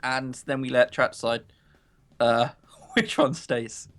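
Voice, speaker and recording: A man's voice: mid-range voice, fairly even intonation, takes it slowly, a bit bright, clean tone. A man streaming a visual novel, chatting casually with a co-player and laughing through teasing banter. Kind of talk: casual live-stream chat.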